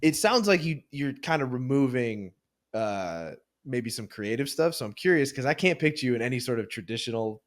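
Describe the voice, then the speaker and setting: A man's voice: medium pitch, sing-song, normal speed. A young man co-hosting a casual podcast, chatting in a laid-back way with lots of fillers. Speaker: podcast co-host. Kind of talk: casual chat.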